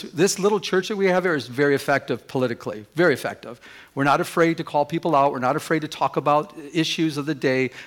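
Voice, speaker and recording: Emphatic higher-voiced male pastor. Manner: emphatic, questioning the congregation. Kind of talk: sermon. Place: church.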